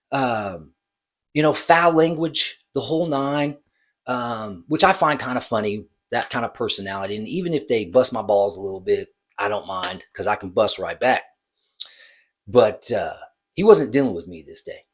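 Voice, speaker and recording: A man who works as a bartender, casually telling a story in a rambling, hesitant way and correcting himself. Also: medium pitch.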